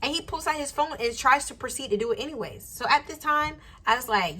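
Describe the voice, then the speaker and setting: Young woman, twenties, storytime vlog, bright tone, slightly husky, animated, quotes people. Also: fairly high pitch, a little fast, hardly any pauses. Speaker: YouTuber. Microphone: camera mic, sitting to camera.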